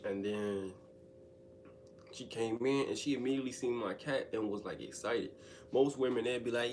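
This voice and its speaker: A man telling a story in a casual storytime monologue, slangy and animated, and speaking directly to his listeners. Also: mid-range voice, moderate pace, slight background noise.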